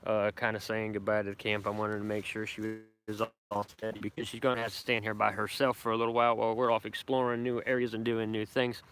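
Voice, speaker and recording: Middle-aged man, brash live-stream rambler, bright tone. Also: fairly low pitch, flat delivery, fast, hardly any pauses. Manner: brash, profane, boastful country talk. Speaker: bushcraft vlogger doing a live stream. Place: outdoors at a woodland camp.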